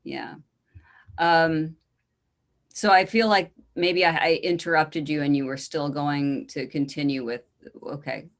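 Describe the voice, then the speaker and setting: Deep-ish woman's voice, host musing out loud, ums and restarts. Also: steady tone, a little slow. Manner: thoughtful, rambling, many "um"s and restarts. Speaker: podcast host, therapist. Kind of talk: casual interview chat.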